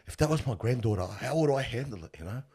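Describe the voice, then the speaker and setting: A man's voice: mid-range voice, quick pace, slight background noise. A middle-aged man who works with funerals, telling stories earnestly in a casual interview, often calling the listener bro. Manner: earnest, animated storytelling, calls the listener bro. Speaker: funeral worker.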